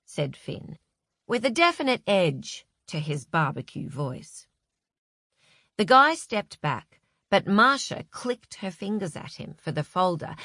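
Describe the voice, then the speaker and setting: A woman reads a novel aloud in a measured, unhurried way, her voice sitting low. The recording is dry and close, with no room sound at all. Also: a bit bright, no echo. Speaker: audiobook narrator. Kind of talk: scripted narration.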